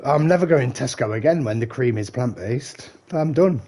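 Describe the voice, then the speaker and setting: A man's voice: medium pitch, animated, moderate pace, warm tone, slight background noise. A British man chatting casually while gaming on a live stream, rambling, swearing and laughing often, a little tipsy. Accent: British English. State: slightly tipsy.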